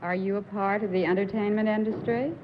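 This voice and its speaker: A woman's voice: mid-range voice, steady tone, fairly quick. A woman panelist on a TV game show, eager in her questions. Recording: dull old TV broadcast with hiss.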